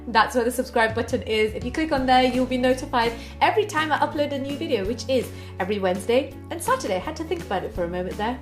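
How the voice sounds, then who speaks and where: Woman beauty vlogger, excitable and chatty, fairly high voice, light music underneath. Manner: bubbly, excitable. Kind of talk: makeup tutorial and chatty outro.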